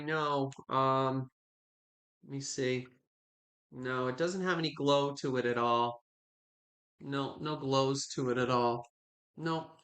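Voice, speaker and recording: A man hosting a live online sale, chatting warmly with viewers and gushing over each item he shows. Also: medium pitch. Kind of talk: live online auction selling.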